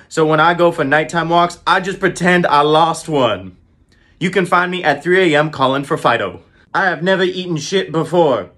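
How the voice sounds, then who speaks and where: A man delivering dry, deadpan one-liner stand-up jokes, unhurried and pausing before each punchline. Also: a little high. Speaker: comedian.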